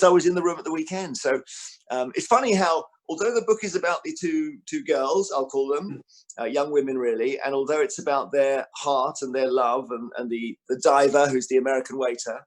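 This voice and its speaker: Animated male author telling stories. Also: mid-range voice, fairly quick. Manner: animated storyteller, acts out quotes; frequent restarts and fillers. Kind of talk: book festival interview talk.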